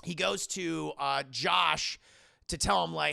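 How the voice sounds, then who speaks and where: A man's voice: on the high side, measured pace, creaky, pushed and bright, dry recording, studio quality. A young man recapping a movie plot to his live chat in a rambling, profane way, acting out the characters with yelps and shrieks. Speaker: movie reviewer streaming live.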